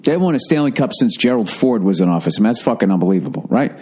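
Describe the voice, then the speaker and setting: A man's voice: on the low side, expressive, very fast, darkish tone, slightly rough. A man hosting a podcast, riffing solo in a profane, rambling, sarcastic monologue. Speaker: podcast host. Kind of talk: casual comedic monologue.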